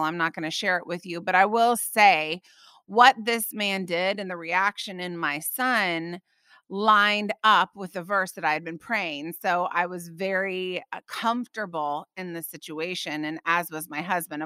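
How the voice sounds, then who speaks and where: Podcast host, woman in her thirties. Bright, lively storyteller, close and dry. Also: on the low side, clean tone, dry recording. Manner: animated, lively storyteller with frequent "okay?" asides. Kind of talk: casual storytelling.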